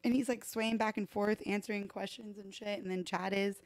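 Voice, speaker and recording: A woman in her thirties, a bartender guest on a podcast, telling stories in a lively, profane way with frequent laughter. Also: mid-range voice, normal speed. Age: 30s. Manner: animated, profane, laughs often, acts out voices in anecdotes. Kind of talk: casual podcast storytelling. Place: podcast live stream room.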